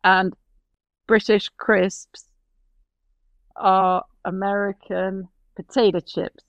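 A woman's voice: medium pitch, level tone, slow pace, no room sound, muffled recording. A woman chatting casually, laughing often and poking fun at herself. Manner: laughs often, self-mocking. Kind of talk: casual chat.

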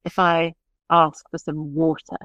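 A woman's voice: low-pitched, flat delivery, unhurried, fairly bright tone, no room sound, muffled recording. A woman with a British accent, talking casually as a podcast guest, chatty and laughing often. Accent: British English. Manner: chatty, laughs often, trails off mid-sentence. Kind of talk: casual conversational interview.

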